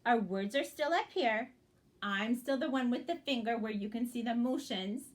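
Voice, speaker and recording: A woman's voice: fairly high pitch, expressive, normal speed. A woman teaching young children to blend word sounds in a reading lesson, speaking patiently and encouragingly and checking in often.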